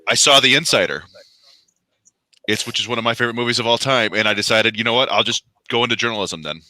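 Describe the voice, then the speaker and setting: A man's voice: medium pitch, fast, pushed and bright, no room sound. A man co-hosting a podcast in casual chat, telling self-deprecating anecdotes. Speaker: podcast co-host.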